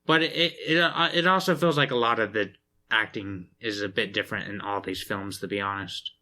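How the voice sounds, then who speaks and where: Man, low pitch, bright voice, easygoing, measured, casual podcast co-host. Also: fairly even intonation. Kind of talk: casual movie review chat.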